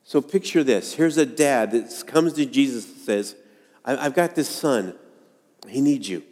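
A man preaching a sermon to a congregation, earnest and dramatic, acting out quoted lines with pauses. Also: medium pitch, animated, a little mellow. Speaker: pastor. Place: church sanctuary. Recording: long hall reverb.

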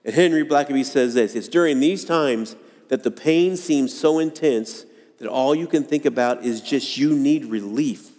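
A man preaching a sermon to a congregation, earnest and dramatic, acting out quoted lines with pauses. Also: mid-range voice, darkish tone. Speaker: pastor. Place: church sanctuary. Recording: long hall reverb.

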